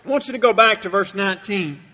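A man's voice: sits high, fast, bright, forceful tone. A man preaching a sermon in a church, emphatic and repeating phrases for effect. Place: church sanctuary. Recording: long reverb from a church hall.

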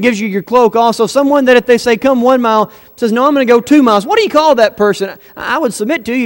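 A man with a high-pitched voice preaches a sermon in a church sanctuary, his words trailing into a long hall reverb. He keeps it conversational, tossing rhetorical questions at the congregation. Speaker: pastor.

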